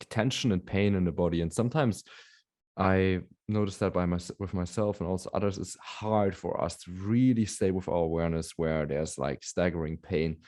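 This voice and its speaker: A man hosting a calm, meandering conversation about mindfulness and emotions, with soft affirmations. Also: low voice. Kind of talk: casual conversation.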